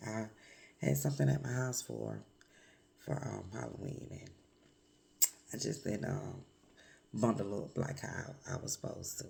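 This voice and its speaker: A woman vlogger with a hoarse voice from a cold, speaking candidly and reflectively in a confessional vlog, with many pauses and fillers. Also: extremely low pitch, fairly even intonation, dark tone.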